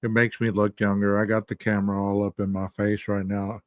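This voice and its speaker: A man of middle pitch co-hosts a casual true-crime chat and teases his co-hosts in a chatty way. His voice comes through slightly muffled and dry. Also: flat delivery, dry recording. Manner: chatty, teasing, quick to laugh. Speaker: podcast co-host.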